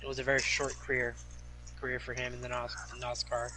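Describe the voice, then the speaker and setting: A man's voice: mid-range voice, brisk. A man hosting a hall of fame ceremony, introducing inductees and presenters in a plain way. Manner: plain, flat delivery, some repeated words. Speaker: ceremony host. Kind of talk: announcing inductees. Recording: loud noise behind the voice.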